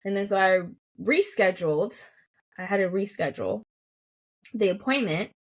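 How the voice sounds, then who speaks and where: A pregnant woman in her thirties hosting a solo podcast, talking in a soft, emotional, reflective way with many fillers. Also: medium pitch, lively intonation, normal speed, breathy edge. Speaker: podcast host.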